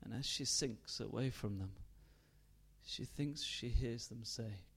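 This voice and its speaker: A man tells a dark folk tale slowly and deliberately, dropping into a hush for its quieter moments. His voice sits in a middle register and never hurries. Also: mid-range voice, creaky, slightly rough. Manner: slow, deliberate, hushed storytelling. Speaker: storyteller. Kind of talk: dramatic story narration.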